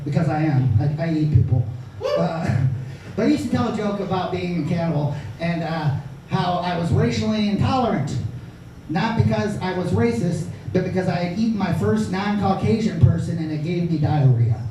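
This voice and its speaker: A brash, foul-mouthed man tells stand-up stories in a high voice. He sounds far from the mic in a very echoey small club. Room noise and crowd laughter hang around him. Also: animated, moderate pace, mellow. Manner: crude, brash, profane storytelling. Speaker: stand-up comedian. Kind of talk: stand-up comedy set. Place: small comedy club stage. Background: audience laughter.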